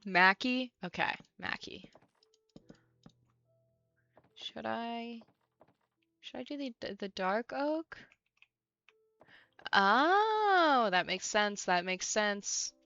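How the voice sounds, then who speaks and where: Young woman, game streamer, casual blunt ranting, swears a lot, gravelly fry, bright tone. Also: medium pitch, takes it slowly, long pauses, highs cut off, faint music behind. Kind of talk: casual stream chat while playing.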